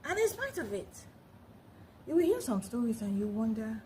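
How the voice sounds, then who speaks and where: A woman hosting a reaction video, talking slowly and expressively. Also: on the high side, a little hiss or hum. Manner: slow, expressive, rising emphasis. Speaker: host.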